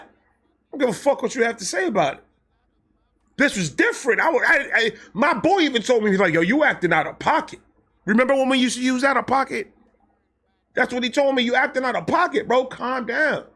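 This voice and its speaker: A young man telling a casual, comedic story, animated, acting out quotes with slang and swearing. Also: sits high, breathy edge. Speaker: storyteller host.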